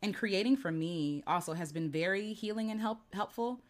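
A woman giving a heartfelt, earnest personal talk, speaking gently and often checking in with "right?". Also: mid-range voice, moderate pace. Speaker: host.

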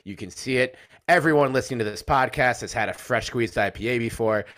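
Guy cohosting a sports podcast, jokey, laughs a lot, swears, mid-pitched voice. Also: a little fast, a bit bright. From United States. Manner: joking, laughing often, swears freely. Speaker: podcast co-host. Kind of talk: casual sports podcast banter.

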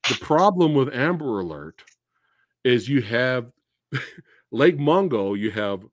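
Man, podcast host, casual movie talk, lively swinging pitch, exasperated and profane, dry close sound. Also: slow, no echo. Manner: animated, exasperated ranting with profanity.

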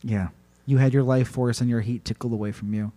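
A man's voice: mid-range voice, fairly even intonation, dark tone. A man casually telling a creepy folk tale on a podcast, stretching words out for spooky effect and laughing along. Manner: playfully spooky, drawn-out narration, laughs often. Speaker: podcast storyteller. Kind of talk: casual storytelling chat.

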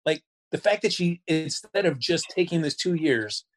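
A man with a somewhat high voice co-hosts a relaxed chat show. He talks in an easygoing way, with a mildly exasperated edge. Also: normal speed. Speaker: show co-host. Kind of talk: casual recap chat.

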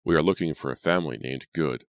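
A man's voice: very deep voice, quick pace, no echo, studio quality. A man playing a stern, commanding father. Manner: curt and commanding. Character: stern, harsh middle-aged farmer father.

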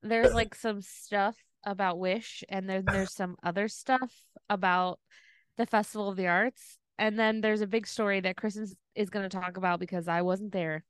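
A playful woman podcast co-host with a smooth, resonant voice, recorded close and dry. She throws out deadpan quips and teasing banter. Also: medium pitch, normal speed, no echo. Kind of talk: casual chat.

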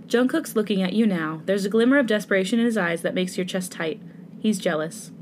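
A woman's voice: mid-range voice, animated, fairly quick, a little mellow, slight background noise. A woman narrating a fanfic aloud in a casual way, laughing now and then. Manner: casual, breaks into laughter while reading. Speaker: fanfic reader.

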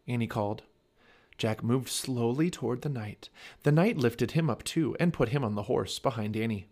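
Man, children's chapter book read-aloud, animated, expressive, family podcast. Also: mid-range voice. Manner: expressive storytelling.

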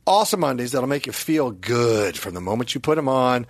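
A man's voice: mid-range voice, lively intonation, brisk, no room sound. A man hosting a podcast, bantering casually and reading an ad in a jokey, playful way. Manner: jokey, playful, breaks into mock shouting. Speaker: podcast host.

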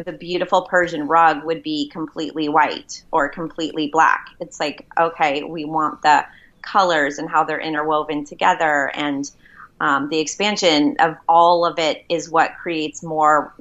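A woman's voice: sits low, fairly even intonation, unhurried, a bit bright. A woman co-hosting a spiritual radio show, talking in an easygoing, chatty way. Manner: easygoing, chatty, a few restarts. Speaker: podcast co-host. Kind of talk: casual spiritual chat. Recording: dull lo-fi sound.

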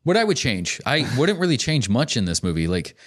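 A man's voice: medium pitch, very animated, brisk. A man co-hosting a casual movie review podcast, talking in a loose, rambling way and swearing now and then. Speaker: podcast co-host.

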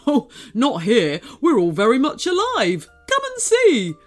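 A jolly, chuckling giant brachiosaurus from a children's storybook, as a woman narrator puts him on. He speaks slowly and welcomingly, his voice leaping widely in pitch, with soft music underneath. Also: huge pitch swings. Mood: cheerful. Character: friendly giant male brachiosaurus in spacesuit.

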